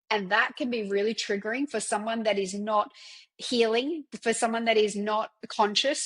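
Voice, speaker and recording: A woman's voice: fairly high pitch, a bit bright, slightly rough. A woman hosting a personal podcast, talking candidly in a loose, chatty way, full of fillers and the odd swear word. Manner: candid, chatty, many fillers like "like" and "you know"; occasional swearing. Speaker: podcast host.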